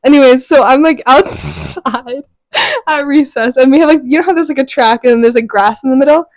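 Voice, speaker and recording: A woman's voice: high-pitched, fairly quick, dry recording. A teenage girl co-hosting a podcast, telling an embarrassing story in casual chat, laughing until she cries. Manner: giggly, storytelling, laughs through her words. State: laugh-crying. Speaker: podcast co-host.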